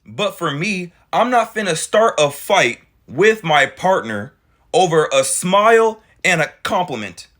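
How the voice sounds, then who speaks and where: A man giving reaction commentary to viewers, animated and full of rhetorical questions. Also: high-pitched, a little slow. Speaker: commentary creator reacting to clips.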